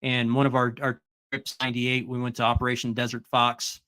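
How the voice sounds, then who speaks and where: A man talking as a guest, telling his story in a relaxed, easygoing way. His voice sits at an ordinary middle pitch, with nothing unusual in its tone. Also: fairly quick. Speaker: guest, Navy and Army veteran. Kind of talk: casual conversation.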